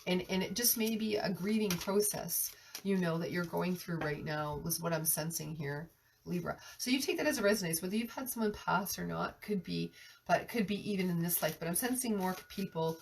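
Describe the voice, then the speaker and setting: A woman with a cold delivers a live tarot reading in an earnest, searching way, often restarting her sentences. Her voice sits low and comes from a little back from the mic, with a faint hiss behind it. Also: a little fast, creaky, recorded from a distance. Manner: earnest, restarts often, speaks of sensing energies. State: has a cold, coughing. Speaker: tarot reader.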